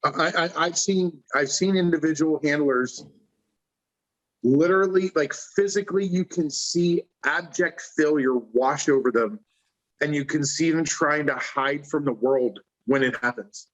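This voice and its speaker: Dude co-hosting a talk show, slightly high voice, earnest, jumps in to clarify. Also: male voice, measured pace, fairly bright tone, highs cut off. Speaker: co-host. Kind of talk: casual conversation.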